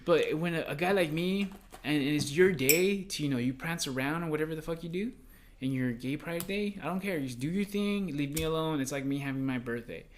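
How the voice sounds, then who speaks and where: A young man co-hosting a podcast, telling work stories in a rambling, profane, animated way. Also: fairly high pitch, fairly quick, a little hiss or hum. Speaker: podcast co-host. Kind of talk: casual podcast chat.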